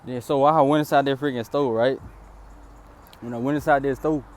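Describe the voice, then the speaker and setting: A man's voice: steady tone, normal speed. A young man casually recounting a story outdoors in a rambling, repetitive way. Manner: rambling, repetitive "then boom" narration.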